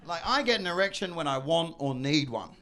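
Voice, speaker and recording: A middle-aged male comedian works a club stage, loud and profane, with sudden shouted bursts. His voice sits high and bright. It swings widely in pitch. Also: animated, fairly quick. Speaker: stand-up comedian. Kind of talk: stand-up comedy set.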